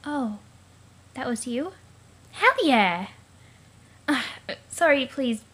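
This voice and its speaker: Weary, grumpy teenage girl, blunt delivery, high voice; a woman reads her. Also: lively intonation, extremely slow, a bit bright, slightly rough, full character voice. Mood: cranky.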